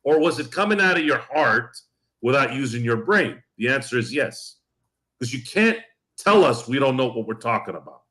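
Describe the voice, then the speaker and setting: A man's voice: mid-range voice, big pitch swings, moderate pace, pushed and bright. A man co-hosting a casual sports podcast, with an ordinary mid-range voice. He rants bluntly and swears freely. He circles back to the same point again and again as he works himself up. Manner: blunt, profane, repeats himself when worked up. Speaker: podcast co-host. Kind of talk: heated casual podcast rant.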